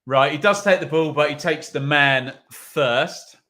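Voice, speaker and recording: Bright-voiced man live-streaming football. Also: fairly high pitch, unhurried. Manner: chatty, reads out viewer comments, wry asides. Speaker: watch-along streamer. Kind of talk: live football commentary and chat.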